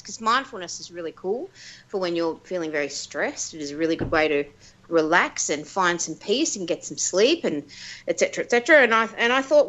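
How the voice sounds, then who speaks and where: A woman's voice: medium pitch, expressive, normal speed, sharp tone, rough recording. A woman with an Australian accent, co-hosting a radio show and telling a story in a chatty, wry way. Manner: chatty, wry, self-deprecating. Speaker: radio co-host.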